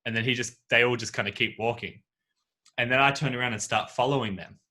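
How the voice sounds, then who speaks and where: Male podcast host, bright tone, animated storyteller who acts out the characters, home video call. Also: mid-range voice, fast. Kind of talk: casual chat. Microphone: video call microphone.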